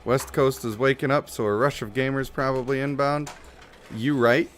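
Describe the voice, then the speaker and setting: A man's voice: mid-range voice, fairly even intonation, moderate pace. A man live-streaming a game, chatting and joking casually and slipping into silly voices. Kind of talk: casual gameplay commentary. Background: game music.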